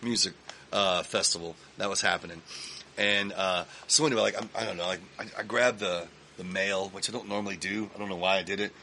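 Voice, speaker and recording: Low, gravelly and brisk, the Texas man's voice carries a little hiss or hum as he guests on a studio podcast. He swears freely and tells long, animated stories, stumbling through fillers and restarts.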